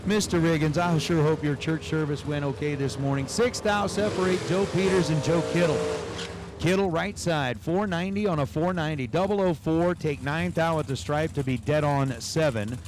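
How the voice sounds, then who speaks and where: Between runs of a livestreamed drag race, the announcer chats with viewers and calls out numbers. He speaks at a moderate pace in a slightly high voice, over background noise.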